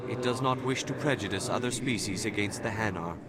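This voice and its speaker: A man's voice: on the low side, fairly quick, background noise, close to an everyday voice. A man voicing a humble jellyfish alien preacher. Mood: formal, meek. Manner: speaks of itself in the third person, stiff and polite.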